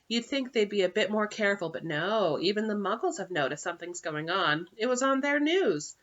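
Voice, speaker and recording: A woman reading the part of a stern, strict older woman professor, brisk and irritable, in a dull, lo-fi recording. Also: mid-range voice, lively intonation, fairly bright tone, lightly acted.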